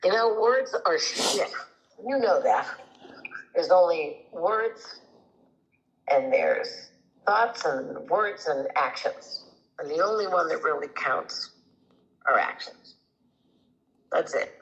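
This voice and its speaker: A middle-aged woman therapist speaking over a phone line, soothing and gently persistent. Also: low voice, very animated, slow, long pauses. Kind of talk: phone counselling.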